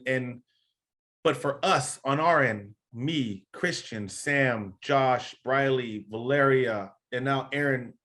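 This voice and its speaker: A man's voice: mid-range voice, a bit bright. A man hosting a podcast as a gym coach, talking in an earnest, passionate way that turns emotional. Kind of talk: casual podcast interview.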